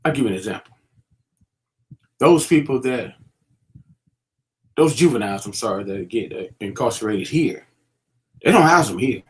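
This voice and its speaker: A man's voice: mid-range voice, lively intonation, normal speed, long pauses. A middle-aged man giving casual, preachy commentary, using street slang and many fillers as he warns young people. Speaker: vlogger.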